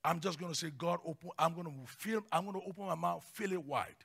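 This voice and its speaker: Man preaching hard, gravelly and high, drops to a hush then shouts. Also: fast talker. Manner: passionate, swings from hushed to shouting. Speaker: pastor. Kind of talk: sermon.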